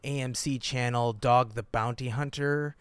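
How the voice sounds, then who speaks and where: A man co-hosting a podcast who tells stories with animated, joking energy and laughs often. His pitch sits in a middle range. The sound is dry and close, with no room echo. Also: a little slow, clear, resonant tone. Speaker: podcast co-host. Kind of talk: casual podcast chat.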